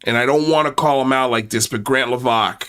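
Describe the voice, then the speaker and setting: A man's voice: medium pitch, fairly quick, a bit bright, clean tone. A man hosting a commentary channel, speaking in sarcastic, mocking asides with exaggerated exclamations. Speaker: channel host.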